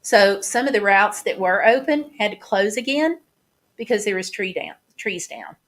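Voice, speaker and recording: Casual female vlogger, halting and chatty, plain mid voice. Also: mid-range voice, expressive, a bit bright. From United States. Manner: chatty, halting, many restarts and fillers. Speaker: vlogger showing flood damage. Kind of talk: casual chat over photos.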